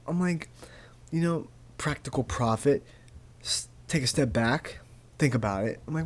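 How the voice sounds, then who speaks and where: A man's voice: mid-range voice, animated, measured pace, long pauses, darkish tone, slight background noise. A young man hosting a casual solo podcast, ranting in a rambling, profane way and often repeating words as he goes. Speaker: podcast host.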